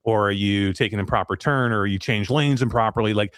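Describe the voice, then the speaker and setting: A man hosting a casual tech podcast chat, ranting in an animated way and laughing often. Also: lowish voice, brisk, clear, resonant tone, no echo, clean studio sound. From New York. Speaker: podcast host.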